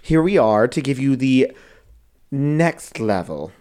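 A man co-hosting a podcast in casual chat, feeling under the weather, animated and laughing often. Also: medium pitch, slow. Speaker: podcast co-host.

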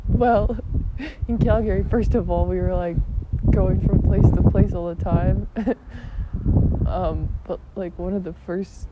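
Young woman, from Alberta Canada, giggly, swears casually, casual storytelling, dull lo-fi sound, loud background noise. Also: medium pitch, steady tone, measured pace.

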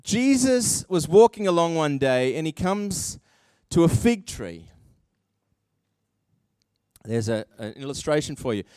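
A man preaching a sermon, animated and acting out quoted voices with self-deprecating asides. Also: a little high, a little slow, long pauses, clean tone, dry recording. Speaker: pastor.

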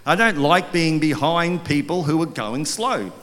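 A middle-aged pastor preaching with a slightly high voice, telling a story and bursting into acted voices. His voice rings out with a long reverb from a large hall. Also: measured pace. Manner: storytelling, animated, acts out quoted voices. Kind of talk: sermon.

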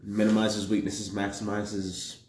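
A man joking through casual banter about tabletop games, an animated storyteller who laughs often. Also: on the low side, a little slow, slight background noise. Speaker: tabletop gaming podcast co-host. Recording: echoey room.

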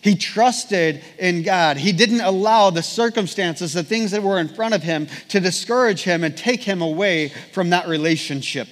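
An earnest man preaching a sermon, reading passages aloud and then circling back to his point with repeated phrases. His voice sits a little higher than most men's, and a long reverb trails off every sentence in a big church room. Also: moderate pace, few pauses.

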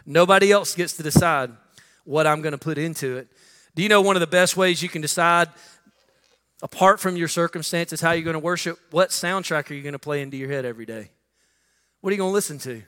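A man's voice: fairly high pitch, brisk, pushed and bright, clear, resonant tone, long reverb tail. A middle-aged man preaching a conversational sermon as pastor, often saying "listen" and acting out quotes. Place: church sanctuary.

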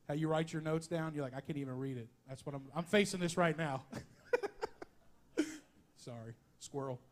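A man preaching a folksy, animated sermon in church, with asides and humor. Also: a little high. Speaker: pastor. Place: church sanctuary.

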